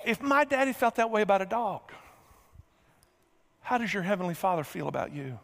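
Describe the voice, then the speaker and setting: A middle-aged man preaching a sermon, telling a folksy story and acting out the scenes with lively energy. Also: high voice, fairly quick, creaky, long pauses, some chatter behind. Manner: folksy, animated storyteller who acts out scenes. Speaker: pastor. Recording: reverberant large hall.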